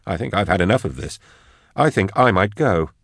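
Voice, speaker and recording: An uneasy scholar who asks question after question in a lifted, anxious tone, as a deep-voiced male narrator puts him on. The delivery swings up and down expressively, and the recording is close and dry, like a storybook reading. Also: expressive, normal speed, no echo.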